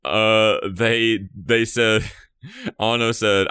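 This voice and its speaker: A man's voice: a bass voice, unhurried, a bit bright, clear, resonant tone, no room sound, studio quality. A man in casual podcast chat, rambling and laughing often, trailing off mid-thought.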